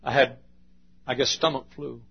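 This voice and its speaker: A middle-aged male pastor preaching an intense sermon, swinging from shouts to hushed, near-quiet passages. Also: medium pitch, fairly even intonation, normal speed, gravelly, breathy edge, dull audio.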